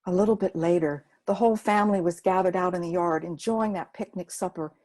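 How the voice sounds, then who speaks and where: A woman's voice: fairly low pitch, fairly quick, a little mellow. A woman storyteller, narrating a folk story expressively.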